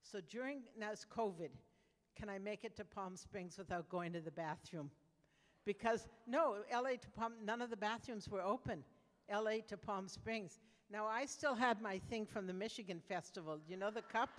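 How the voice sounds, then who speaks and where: A woman's voice: mid-range voice, moderate pace, long reverb tail. An older woman doing stand-up comedy, telling brash, conversational stories with frequent restarts.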